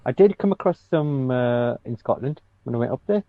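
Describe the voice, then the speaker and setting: A man's voice: mid-range voice, lively intonation, brisk, no room sound, phone-quality sound. A man joking through casual podcast banter, often stopping and restarting his sentences. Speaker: podcast co-host.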